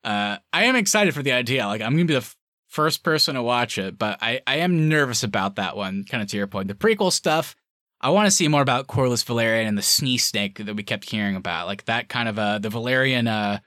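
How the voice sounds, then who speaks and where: Guy rambling about a tv show on a podcast, bright voice, lots of likes and uhs. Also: mid-range voice, expressive, fairly quick, no room sound, clean studio sound. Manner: chatty, rambling, with many fillers and laughs. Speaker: podcast co-host. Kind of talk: casual fan discussion.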